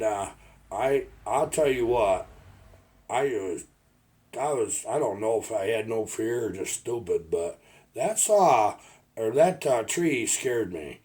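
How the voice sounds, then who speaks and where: Older man, husky, lowish voice, rambling folksy storyteller, casual vlog. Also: warm tone. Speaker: retired logger vlogger.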